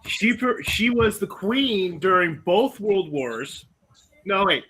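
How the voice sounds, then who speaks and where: A man's voice: high voice, expressive, takes it slowly, pushed and bright, slightly rough. A man co-hosting a casual podcast, chatting and correcting himself as he goes. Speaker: podcast co-host.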